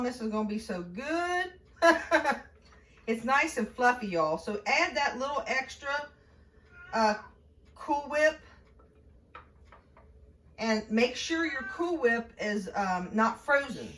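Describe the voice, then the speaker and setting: Chatty woman showing a recipe in her kitchen, bright voice, laughs a lot, mic kinda far. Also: a little high, slight background noise. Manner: chatty and folksy, laughs often. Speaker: home cooking vlogger. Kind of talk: casual cooking demonstration. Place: home kitchen.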